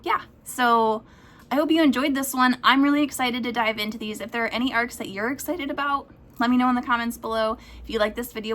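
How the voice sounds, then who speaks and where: A young woman chatting excitedly on a vlog about upcoming books, gushing, full of "like" fillers. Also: a little high. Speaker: book vlogger. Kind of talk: casual chatty book review vlog.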